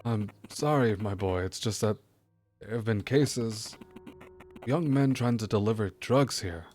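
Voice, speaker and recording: A man's voice: lowish voice, a little slow, a little mellow, natural voice. A man voicing a suspicious, prying elderly male neighbor in a video game, reading the dialogue aloud. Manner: prying, indignant, blustering threats.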